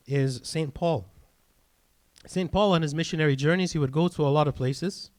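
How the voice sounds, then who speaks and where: A man, a priest, giving an earnest sermon and checking in often with "right?" and "okay?". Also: fairly high pitch.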